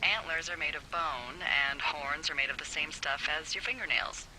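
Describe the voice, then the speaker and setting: A woman's voice: sits low, normal speed, sharp tone, rough recording. A woman playing a wry, sarcastic fire lookout supervisor who talks over the radio in a video game. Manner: teasing, sarcastic, dry. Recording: game audio with background noise.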